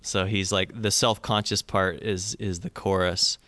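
A man's voice: low voice, level tone, unhurried, pushed and bright, no room sound, studio quality. A man co-hosting a casual album review chat, talking thoughtfully with many fillers and restarts. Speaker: album review podcast co-host.

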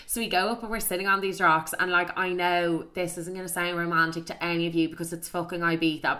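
Young Irish woman, casual storyteller, chatty and sweary, lowish bright voice. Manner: chatty, peppered with "like", swears freely.

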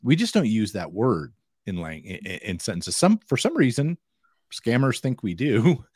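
A man's voice: mid-range voice, sing-song, normal speed, darkish tone, slightly rough, no room sound, clean studio sound. An American man co-hosting a casual podcast chat, joking and acting out quoted lines. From United States. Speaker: podcast co-host.

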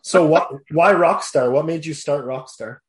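Agreeable male podcast host. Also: on the high side. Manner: agreeable, quick to chime in. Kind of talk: casual interview chat.

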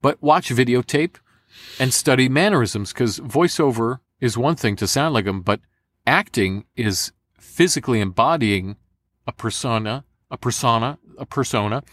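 A man, a voice actor, giving animated, repetitive advice in a casual interview. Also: mid-range voice, moderate pace. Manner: animated, demonstrative, repeats for emphasis. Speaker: voice actor guest.

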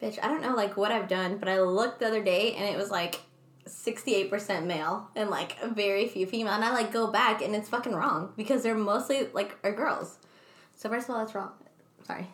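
Animated swearing woman, echoey room. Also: medium pitch, brisk. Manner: animated storytelling, swears freely, acts out quotes. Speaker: podcast co-host. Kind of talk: casual chat.

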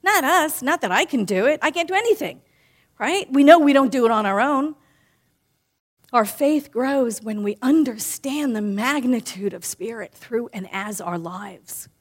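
A woman giving a sermon in a warm, conversational way, often asking "right?" and slowly repeating key lines for emphasis. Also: on the high side, expressive. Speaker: minister.

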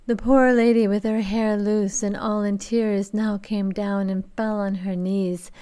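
Slow, measured woman lecturer. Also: medium pitch, dark tone. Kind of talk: reading a fairy tale aloud, then lecturing.

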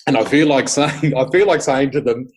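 A middle-aged man chats casually as a podcast guest. His voice is husky and his delivery is animated, full of storytelling and acted-out dialogue. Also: mid-range voice, normal speed, rough recording. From Australia. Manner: animated storyteller, often laughing, acts out quotes. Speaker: guest psychic. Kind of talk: casual interview chat.

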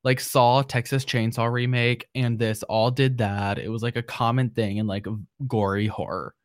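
A man in casual conversation about horror films, animated and quick to react. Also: mid-range voice, no echo, clean studio sound. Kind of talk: casual film discussion.

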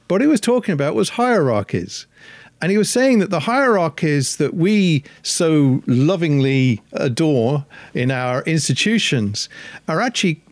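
A man's voice: a little high, no room sound. Thoughtful man in a dry room. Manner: thoughtful, reflective, explanatory. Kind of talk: casual chat.

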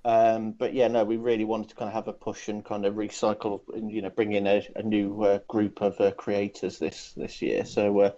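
A man's voice: fairly low pitch, flat delivery, normal speed, hardly any pauses, warm tone. A man, a convention organizer in casual podcast chat, rambling with many fillers and restarts. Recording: dull lo-fi sound.

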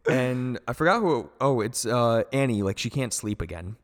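A man co-hosting a podcast in casual film recap chat, excitable, jumping in to finish scenes and praise favorite shots. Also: mid-range voice, moderate pace, big-room sound. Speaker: podcast co-host.

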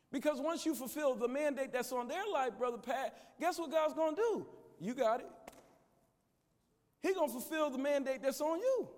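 High-voiced man preaching with shouts. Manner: preaching with call-and-response to the congregation; shouts at peaks, drops low and quiet elsewhere. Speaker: guest preacher. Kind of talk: conference sermon. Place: large church sanctuary. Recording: echoey church hall.

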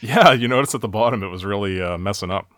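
A man from the United States co-hosting a casual chat, relaxed as he recaps scenes and asks questions. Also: lowish voice, fast, no echo, studio quality. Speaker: podcast co-host. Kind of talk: casual chat and film commentary.

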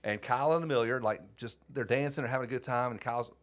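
A man's voice: medium pitch, very fast. A man hosting a podcast, telling a long story in a rambling, laughing way with plenty of swearing. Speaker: podcast host. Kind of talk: casual storytelling chat.

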